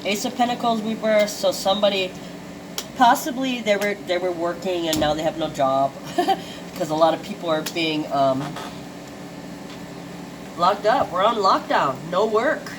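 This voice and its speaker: A woman's voice: on the low side, moderate pace, long pauses, noisy background. A woman doing a casual tarot card reading for her viewers. She talks chattily, swears freely and exclaims at the cards she draws.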